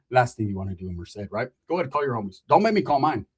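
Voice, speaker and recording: A man's voice: mid-range voice, big pitch swings, brisk, breathy edge. A man telling a rambling, profane street story in casual slang, full of asides.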